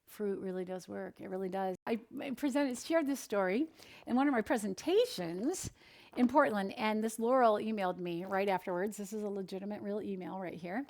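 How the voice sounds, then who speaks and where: An energetic middle-aged woman gives a motivational nutrition talk. Her voice sits at an ordinary middle pitch. She keeps her tone encouraging and tells anecdotes from her counseling work. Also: a little fast.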